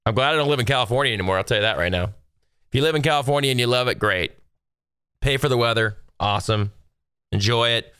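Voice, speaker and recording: A man's voice: medium pitch, fast talker, bright, forceful tone, smooth, no room sound, clean studio sound. A man in his thirties, from Texas, talking casually to viewers from home in a rambling, exasperated rant full of fillers. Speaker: solo video host.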